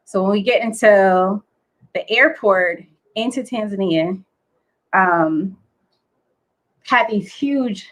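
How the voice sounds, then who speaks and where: A woman, a guest, telling a story in a casual, excitable, chatty way with lots of fillers. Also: medium pitch, takes it slowly, long pauses, rough recording. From United States.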